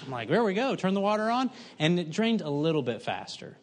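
Male preacher, middle-aged, folksy storyteller, pokes fun at himself, a bit high-pitched. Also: expressive, fast talker, few pauses. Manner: folksy storytelling, self-mocking humor. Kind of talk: sermon.

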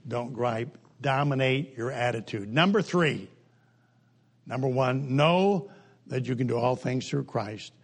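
An older man preaching a humorous sermon in a folksy, joking way, with sudden jumps in pitch and pace. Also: animated, unhurried, breathy edge.

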